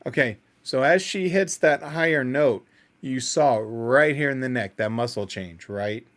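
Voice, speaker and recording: A man's voice: mid-range voice, unhurried, a bit bright, a little hiss or hum. A man hosting a casual music reaction video, thinking aloud in an analytical, self-doubting way.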